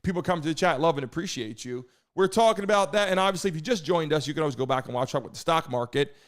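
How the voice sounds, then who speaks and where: A man hosting a live stream, hyping the chat, shouting out viewers and talking loosely with some swearing. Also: on the high side, animated, fast talker. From United States.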